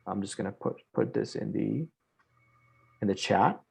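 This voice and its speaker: A man's voice: lowish voice, moderate pace, vocal fry, mellow, husky. A man teaching an online programming class, explaining step by step and checking in with "right?" after each point. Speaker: programming instructor. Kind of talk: live online coding lesson.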